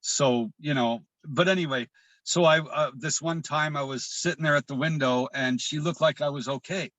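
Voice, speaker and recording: A man from Washington state, a guest on a video call, telling a painful personal story in a halting way, often restarting and repeating words. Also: on the high side, a bit bright, no room sound. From Washington state, USA. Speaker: guest sharing his recovery story.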